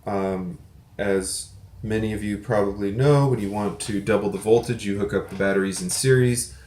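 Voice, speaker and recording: A man's voice: fairly low pitch, moderate pace, a little mellow, echoey room, a little hiss or hum. A man hosting a casual video reply, explaining things in a rambling, self-correcting way with offhand swearing. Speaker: prepper channel host. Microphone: desk mic with some feedback.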